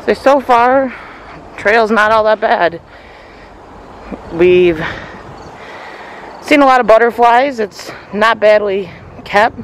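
Guy with a high voice chatting on a trail walk, laid back, laughs a lot, faint outdoor noise. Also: low-quality recording. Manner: easygoing, chuckles often, many fillers. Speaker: vlogger. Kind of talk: casual vlog chat.

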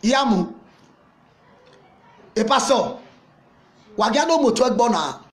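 A man with a Nigerian accent playing a loud, mocking older Nigerian mama in a comedy skit, scolding and teasing someone. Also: very high-pitched, big pitch swings, slow pace, heavily acted. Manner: taunting, scolding, laughing at the listener.

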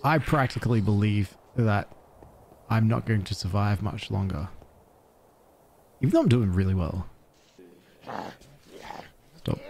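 A man giving casual, excitable commentary while playing a game, with panicky outbursts and self-mocking asides. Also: on the low side, slight background noise. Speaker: gaming let's-play host.

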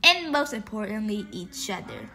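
A woman's voice: medium pitch, big pitch swings, moderate pace, pushed and bright. A woman voicing a grumpy, underpaid camp chef who explains the rules grudgingly. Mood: grumbling. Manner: grudging, annoyed.

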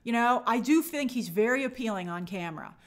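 A woman with a somewhat high voice hosts a live stream. She talks emphatically and with animation, reading out viewer comments and answering them in a casual commentary style. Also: lively intonation, fairly quick.

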